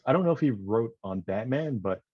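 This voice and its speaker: A man's voice: mid-range voice, animated, a little fast, highs cut off. A man chatting casually as a podcast guest, easygoing and agreeable. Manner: easygoing, agreeable, lots of fillers. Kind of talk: casual chat.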